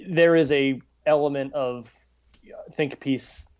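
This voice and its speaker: A man's voice: medium pitch, steady tone, slow pace, darkish tone. A man co-hosting a podcast, chatting casually and stumbling over restarts. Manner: chatty, many restarts and stammers. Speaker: podcast co-host. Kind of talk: casual chat. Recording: dull lo-fi audio.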